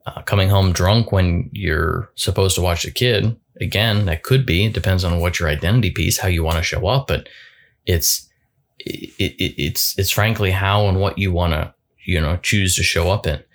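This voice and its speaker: A man giving a reflective solo talk as a coach, thoughtful and halting, often repeating words as he goes. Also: sits low.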